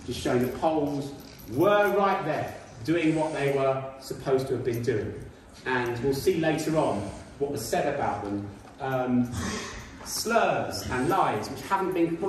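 A man's voice: a little high, slight background noise. A man giving an informal history talk with slides to a school audience, chatty with indignant asides and many ums. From Britain. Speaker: guest speaker. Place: school hall. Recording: echoey hall, distant mic.

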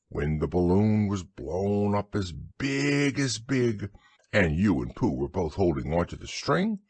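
A man narrating a children's story as a gentle, unhurried bedtime audiobook. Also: lowish voice, husky, no room sound.

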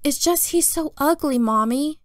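A woman voicing an excitable, whining second-grade boy in a storybook reading. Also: a little slow, dry recording, clean studio sound. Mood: whiny, excited. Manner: whining, high excited exclamations.

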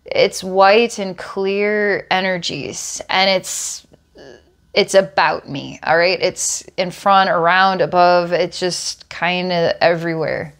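A woman giving a psychic energy healing reading, describing impressions slowly and searchingly. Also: lowish voice, steady tone, fairly bright tone. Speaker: psychic healer.

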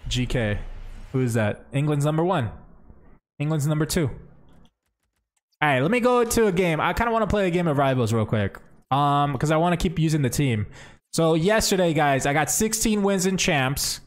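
A young man streaming a game, chatting casually and thinking out loud as he plays. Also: a little high, lively intonation, normal speed, long pauses. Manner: chatty, thinks aloud, says bro and man. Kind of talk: casual livestream commentary.

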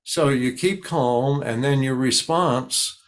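An older man speaking calmly in an interview, explaining at length and acting out sample dialogues. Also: mid-range voice, slow. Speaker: guest expert on high-conflict people. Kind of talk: conversational interview.

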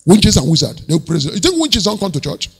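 A male pastor preaching an animated sermon, acting out quoted voices and chuckling often. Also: fairly high pitch, quick pace, gravelly, husky, in a large hall.

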